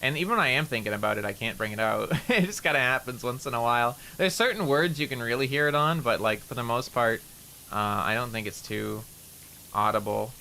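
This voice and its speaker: Man, mild rural Canadian accent, bright tense voice, rambling streamer chat, lots of "like", faint background noise. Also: medium pitch, a little fast, creaky. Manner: rambling, heavy use of "like", casual swearing. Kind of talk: casual chat while gaming.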